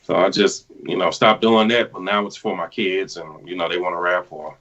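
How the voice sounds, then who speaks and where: Laid-back low-voiced man on a muffled call. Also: steady tone, moderate pace, fairly bright tone. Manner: laid-back, brief answers. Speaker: guest. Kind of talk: casual live-stream chat.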